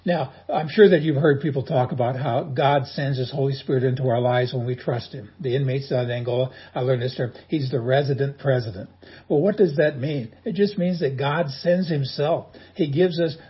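A man's voice: medium pitch, normal speed, breathy edge, dull audio. A man preaching a sermon as a pastor, in a folksy, humorous storytelling manner.

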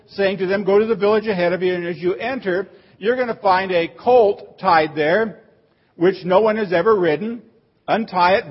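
A man with a high, husky voice preaches a sermon from a church pulpit. He teaches in a steady, explaining way, then swells into emphatic cries on the phrases he quotes. The recording sounds dull and muffled. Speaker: pastor.

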